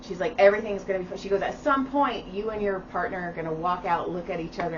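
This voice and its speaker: A middle-aged woman co-hosting a podcast tells a story, swearing freely and throwing herself into the voices of the people she quotes. Her voice sits at an ordinary pitch for a woman. She is heard from a little way off the mic, on a dull recording with a steady hum of noise behind her. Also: quick pace. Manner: animated, profane, acts out quoted voices. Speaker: podcast co-host. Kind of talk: casual storytelling chat. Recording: distant, dull sound with steady background noise.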